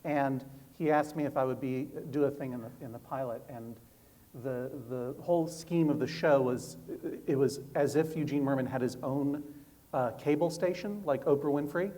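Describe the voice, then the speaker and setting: On stage before a live audience, a guest author talks in a rambling, self-mocking way, restarting often during a live conversation. His mid-range voice has a dark tone and a normal speed.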